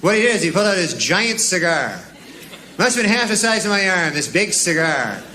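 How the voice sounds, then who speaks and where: Deadpan drawling male comedian. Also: high-pitched, a little fast. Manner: deadpan, drawling, wry asides. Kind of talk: stand-up and mock news delivery. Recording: old TV audio with audience laughter and hiss.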